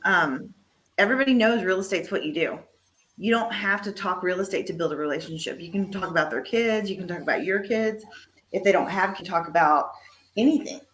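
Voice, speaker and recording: A woman's voice: lowish voice, fairly quick, fairly bright tone. Candid woman with faint background noise. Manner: candid, conversational. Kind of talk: casual panel chat.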